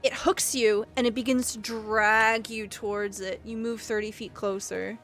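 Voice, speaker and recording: A woman with a fairly high voice runs a tabletop game as game master. She reads rules text out in an even, matter-of-fact way, then slips back into easy table chat. Faint music plays underneath. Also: measured pace.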